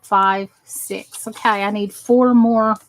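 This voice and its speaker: A woman's voice: mid-range voice, steady tone, takes it slowly, low-quality recording. An exhausted woman chatting casually as she works on crafts for her channel, rambling and talking to herself as she goes. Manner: rambling, talks to herself while working.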